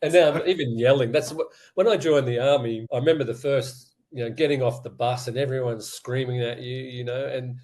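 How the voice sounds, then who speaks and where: A man's voice: medium pitch, fairly even intonation, brisk, few pauses, darkish tone. A middle-aged man, a guest in an interview, speaking candidly and casually and laughing now and then. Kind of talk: conversational interview.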